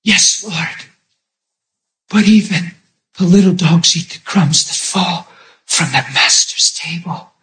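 A man's voice: sits high, slow pace, pauses often, fairly bright tone, pitched below the performer's own voice. A man voicing a desperate mother begging for mercy for her daughter. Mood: humble. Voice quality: pleading, crying out.

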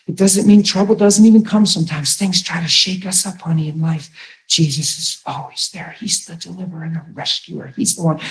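A man preaches in a casual, emphatic manner, stumbling over repeated words as he gathers his thoughts. His voice sits a touch higher than most men's. The room around him rings with echo. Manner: conversational, emphatic, repeats words when starting. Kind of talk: sermon.

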